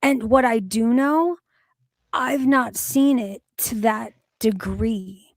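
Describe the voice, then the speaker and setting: A woman's voice: on the high side, slow, dry recording. A woman hosting a livestream, chatting casually and ranting sarcastically with plenty of swearing. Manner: profane, sarcastic rants. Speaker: streamer host.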